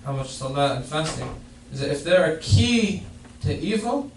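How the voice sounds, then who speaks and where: Explaining a hadith during a Friday sermon, this man speaks at normal speed in a slightly high voice with big swings in pitch. He keeps repeating and restarting his phrases. It's recorded in a mosque prayer hall that echoes, using a distant mic, with faint noise.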